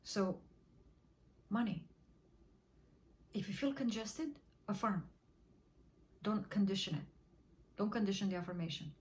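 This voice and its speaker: A woman coaching listeners through manifestation in a preacher-like cadence. She repeats affirmation lines over and over, sinking to a hushed whisper and then lifting her voice again. Her pitch sits in a middle range for a woman. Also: lively intonation, measured pace, long pauses. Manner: rhythmic repetition, drops to a whisper during affirmations. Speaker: manifestation teacher. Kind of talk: motivational teaching talk.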